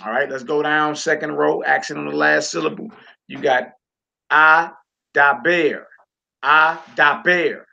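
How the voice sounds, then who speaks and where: A man with a gravelly, forceful voice leads a relaxed homeschool lesson. He stretches out each word and repeats it slowly so his students can follow. The recording sounds dull and lo-fi. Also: on the high side. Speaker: Hebrew teacher.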